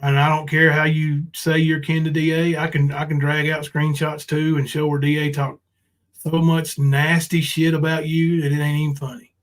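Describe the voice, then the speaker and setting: A man's voice: fairly high pitch, level tone, moderate pace, low-quality recording. A man ranting on a livestream, confrontational and profane, full of ums and restarts. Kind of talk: casual livestream rant.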